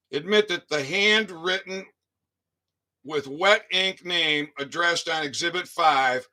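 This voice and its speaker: Man, slightly high and sharp-toned, reading formal claims aloud. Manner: reads formal statements with muttered asides. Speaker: citizen activist. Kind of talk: reading a legal document aloud.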